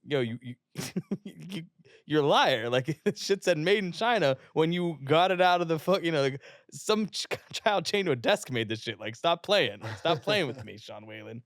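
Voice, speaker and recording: A man's voice: fairly high pitch, moderate pace, no echo, studio quality. A young man from West Virginia, a fitness influencer, telling stories in a casual, profane way and acting out the people he quotes. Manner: profane, animated storyteller who acts out quotes. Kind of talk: casual storytelling. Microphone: podcast studio microphone.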